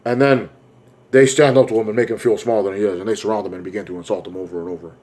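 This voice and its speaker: A man giving an excitable, rambling plot recap as a movie reviewer, full of fillers. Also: on the low side, very fast.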